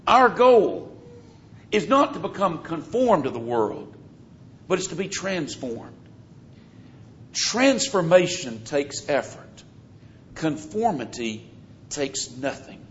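A man's voice: fairly high pitch, very animated, slow, pauses often, fairly bright tone, a little hiss or hum. A man with a Southern US accent, preaching an earnest, emphatic sermon and teaching from scripture. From American South. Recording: dull, lo-fi sermon recording.

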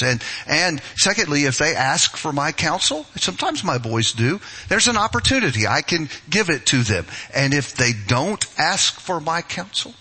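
Bright, husky-voiced preaching man. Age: middle-aged. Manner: emphatic, rising to forceful high-pitched stresses. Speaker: pastor. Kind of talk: sermon.

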